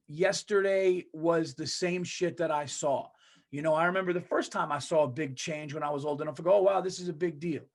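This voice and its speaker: A man hosting a comedy podcast, ranting in a casual, emphatic monologue full of swearing. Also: fairly high pitch. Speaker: podcast host.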